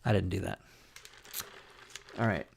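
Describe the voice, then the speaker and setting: A man's voice: sits low, measured pace, gravelly, a little mellow, slightly rough. A man hosting a livestream talk show, telling a long story in a casual, rambling way, laughing often and restarting his sentences.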